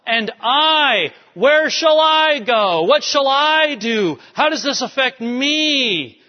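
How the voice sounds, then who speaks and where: A man's voice: very high voice, animated, takes it slowly, voice pushed up, heavily acted. A man voicing a distraught young man grieving his lost brother, with stammering, self-pitying questions. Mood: anguished. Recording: dull recording with long hall reverb.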